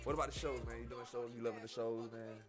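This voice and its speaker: A man's voice: mid-range voice, fairly even intonation, quick pace, music in the background. A man hosting an interview show, talking casually and hyping up his guest, peppering his speech with "man" and "bro".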